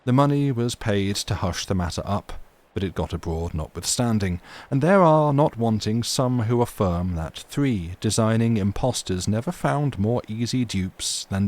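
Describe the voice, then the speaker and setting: Low-ish male voice, reads old stories out on stream, steady measured delivery, chats to viewers. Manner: measured, dramatic narration. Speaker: livestream reader. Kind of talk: reading classic stories aloud and chatting with viewers.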